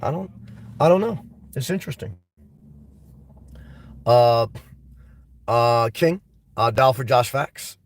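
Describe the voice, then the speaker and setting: A man hosting a casual live stream, reading viewer comments and rambling about them in an animated way. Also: medium pitch, takes it slowly, pauses often, recorded from a distance, slight background noise.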